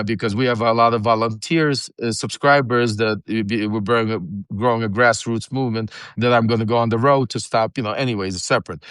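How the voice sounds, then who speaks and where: A man's voice: mid-range voice, a bit bright, clear, resonant tone, no echo. A man hosting an unscripted livestream, telling a long story in a rambling, profane way, full of fillers and restarts. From Ukraine. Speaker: show host.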